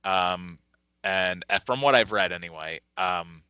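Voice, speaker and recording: A man's voice: low-pitched, measured pace, pushed and bright, clear, resonant tone, no room sound, muffled recording. A man co-hosting a podcast, chatting casually and hesitantly, with frequent fillers. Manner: hesitant, laughs often. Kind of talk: casual chat.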